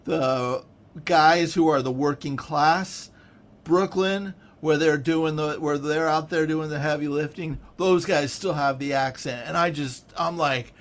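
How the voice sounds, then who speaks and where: This is a man with a Californian accent, talking casually in a slightly raised voice. He rambles and gets animated, and he laughs often as he goes. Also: fairly high pitch, unhurried. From San Francisco. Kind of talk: casual chat.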